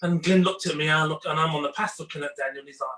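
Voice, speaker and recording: Guy with a higher voice acting out a funny kitchen story, far from the mic in a roomy space. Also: very fast. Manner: animated, acts out quotes, laughs through the punchline. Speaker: guest chef. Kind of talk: casual storytelling on a video call. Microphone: video call. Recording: echoey room, far from the mic.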